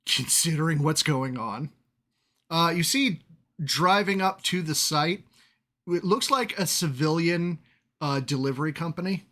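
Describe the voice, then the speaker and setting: Bright-voiced man running a tabletop game. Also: fairly high pitch, measured pace. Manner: chatty, laughs often while narrating. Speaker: game master.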